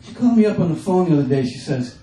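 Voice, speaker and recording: Comedian guy doing his set onstage, mellow voice, kinda far off the mic w/ faint room noise. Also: on the high side. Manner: animated, acts out family members in quick bits. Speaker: stand-up comedian. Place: comedy stage before a live audience. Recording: roomy, distant mic with faint ambience.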